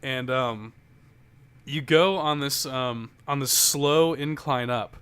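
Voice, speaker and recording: Bright-voiced man rambling casually. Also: mid-range voice, slow, smooth. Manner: rambling, profane storytelling with lots of fillers. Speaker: podcast co-host. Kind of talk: casual chat.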